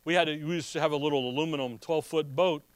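A man's voice: a little high, rapid-fire, no echo. A man preaching a sermon in a conversational way, asking rhetorical questions and telling personal stories with a chuckle. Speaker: pastor.

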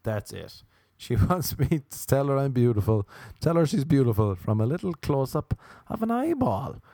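A man telling crude, deadpan stand-up stories, acting out the quoted lines. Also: mid-range voice, moderate pace, no room sound, studio quality. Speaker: comedian. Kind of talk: stand-up storytelling.

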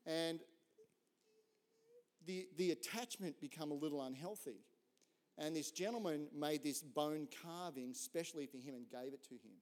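Man, pastor, conversational sermon, relaxed chatty storytelling, slightly raised pitch. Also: normal speed. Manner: relaxed, chatty, jokes with the audience.

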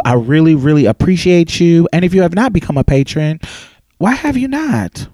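Podcast host man, higher-pitched voice, playful and pleading, dry close sound. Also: dark tone, no room sound. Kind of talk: casual sponsor appeal.

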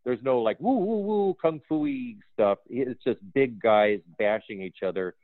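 A man spins animated anecdotes from his years as a film art director, slipping into the voices of the people he quotes and breaking into laughter. His voice arrives thin and narrow, like a phone line, with a dry, close sound. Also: mid-range voice, a little slow, gravelly, dry recording. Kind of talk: casual storytelling interview.

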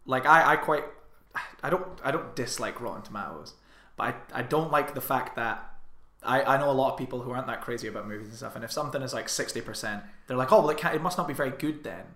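A man co-hosting a podcast, arguing his views in an animated, opinionated way and swearing casually. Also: mid-range voice, fast talker, roomy sound. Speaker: podcast co-host. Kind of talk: casual chat.

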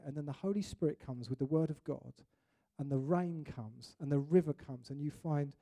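Animated preacher, mellow voice. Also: male voice, a little high, moderate pace. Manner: animated, acts out little scenes and voices. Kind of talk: sermon.

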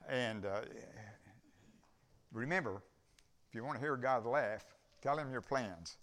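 A man's voice: mid-range voice, unhurried, pauses often, fairly bright tone. An older man, a visiting preacher, telling a folksy story in a church service and acting out the dialogue as he goes. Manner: rambling storyteller, acts out dialogue. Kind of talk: folksy sermon testimony.

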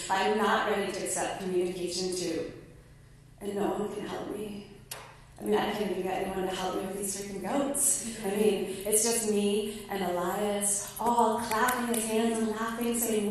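Woman telling a story in an echoey hall. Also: a little hiss or hum. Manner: wry, animated, acts out voices in a high tone. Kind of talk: live personal storytelling. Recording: echoey hall, mic at a distance.

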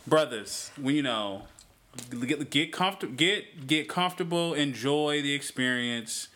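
A man's voice: a little high, animated, a little slow, bright, forceful tone. A man co-hosting a podcast, telling a teasing story in casual chat and talking over interruptions. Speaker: podcast co-host.

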